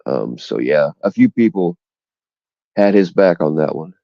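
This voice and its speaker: Gravelly deep-voiced man ranting on a stream. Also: expressive, unhurried, no room sound, lo-fi sound. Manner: blunt, profane, indignant ranting. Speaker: livestream host. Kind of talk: casual livestream chat. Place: outdoors in the cold. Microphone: phone.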